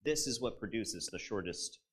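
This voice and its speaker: A man's voice: on the low side, animated, normal speed, breathy edge. A man preaching a conversational sermon as a pastor, retelling a story in a reflective way and turning to his listeners with asides.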